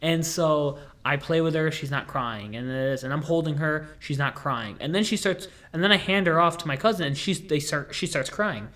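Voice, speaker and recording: A man's voice: fairly high pitch, moderate pace, few pauses, pushed and bright. A young man hosting a casual chat, rambling and goofy, full of fillers and restarts. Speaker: podcast host.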